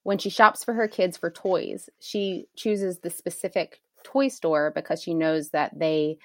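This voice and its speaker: A woman in her thirties talks as a podcast co-host, explaining her points in a relaxed, conversational way. Her voice is on the low side and she laughs easily. The recording is close and dry. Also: a little slow, no room sound. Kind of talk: casual conversational chat.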